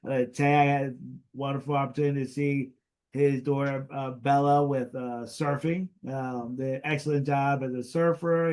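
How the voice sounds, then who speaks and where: A man's voice: medium pitch, little pitch movement, moderate pace, a little mellow. A middle-aged man hosting a podcast, telling stories animatedly with many fillers. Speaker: podcast host. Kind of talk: casual storytelling chat.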